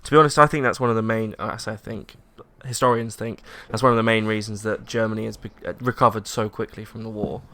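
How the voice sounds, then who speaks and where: A young English man in casual podcast chat, animated, acting out the people in his story. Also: fairly low pitch, fast talker, few pauses. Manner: animated storyteller, acts out quotes, laughs often. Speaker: podcast co-host.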